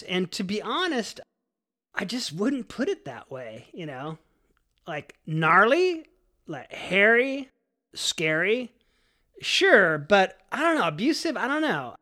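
A man's voice: high voice, a bit bright. A man telling a personal story in a casual, profane way, full of likes and you-knows.

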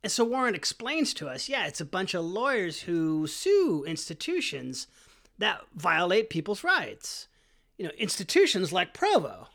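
A man telling a personal story in an animated, rambling way, full of "like" and "you know", swearing and acting out voices. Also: high voice, unhurried, gravelly. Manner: animated, lots of likes and you knows, swearing, acts out voices.

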